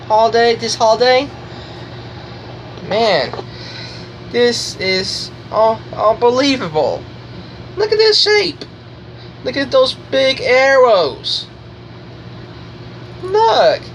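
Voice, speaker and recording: Giggly, very slow-talking excited woman. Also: a little high, a little hiss or hum, low-quality recording. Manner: gushing, giggly, repeats exclamations. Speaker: toy reviewer. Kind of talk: excited toy review vlog.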